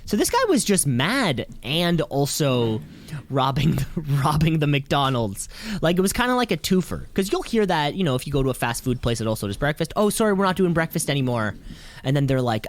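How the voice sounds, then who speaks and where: A man's voice: a little high, big pitch swings, fairly quick. A young man co-hosting a podcast, chatting casually in a rambling, joking way. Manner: rambling, jokey, many fillers. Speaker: podcast co-host. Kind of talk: casual chat.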